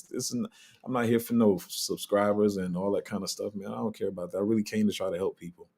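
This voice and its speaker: A man's voice: fairly low pitch, steady tone, fast, vocal fry, a little mellow, breathy edge. A man hosting a casual live crypto Q&A, answering chat in a loose, candid way and trailing off while he looks things up. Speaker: crypto livestream host.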